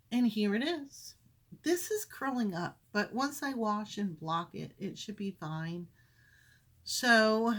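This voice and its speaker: A woman's voice: mid-range voice, a bit bright. A woman hosting a crafting podcast at home, chatting casually and rambling as she shows her projects. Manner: chatty, rambling, self-correcting. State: briefly out of breath. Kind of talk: casual chat. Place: home craft room with windows.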